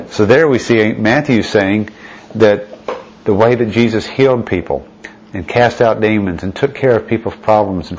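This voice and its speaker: A man with a low voice preaches a Bible-study sermon, reading verses aloud and pausing to pose rhetorical questions. The recording sounds dull and lo-fi. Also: darkish tone. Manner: reads scripture aloud, asks rhetorical questions.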